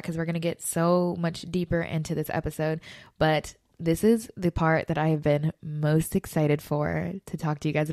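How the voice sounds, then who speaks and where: A young woman hosts a casual solo podcast on a close mic, her voice sitting a little low for a woman. She talks in a gushing, animated way, full of fillers and restarts. The sound is dry, with no room around it. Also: no room sound. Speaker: podcast host.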